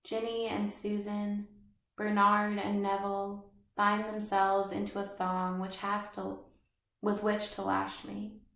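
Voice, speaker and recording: A woman reading the part of a neat, proud, lonely schoolboy in measured literary narration. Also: medium pitch, monotone, gravelly, fairly bright tone. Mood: brooding. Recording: roomy echo.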